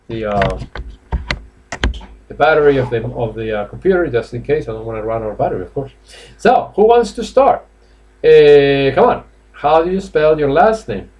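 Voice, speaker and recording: A man's voice: mid-range voice, animated, brisk, a little mellow, muffled recording, a little hiss or hum. A man from Spain teaching English live online in a Spanish accent, chatty and coaxing, with lots of fillers and laughs. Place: classroom or office indoors.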